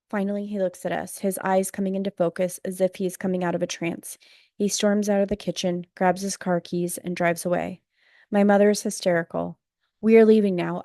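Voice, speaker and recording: A woman narrating a memoir audiobook in a measured, subdued, even voice into a close studio mic. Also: on the low side, no room sound.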